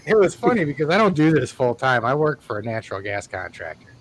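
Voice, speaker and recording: A man's voice: mid-range voice, fast talker, a little hiss or hum, rough recording. A man in casual live-stream chat, rambling and laughing as he tells stories from work. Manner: relaxed, rambling, laughs often. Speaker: reptile keeper and guest.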